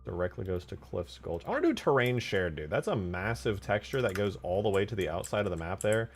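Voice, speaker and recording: American dude modding on stream, lowish voice that jumps all over, mutters n jokes, faint music n typing behind. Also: male voice, fairly quick. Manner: joking, mutters to himself, sudden excited yelps. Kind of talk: casual live-stream commentary while working.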